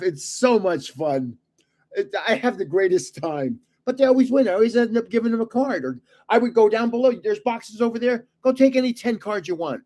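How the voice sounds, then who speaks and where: An older man hosting a casual livestream, telling rambling stories and chuckling often. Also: high-pitched. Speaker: channel host giving away trading cards.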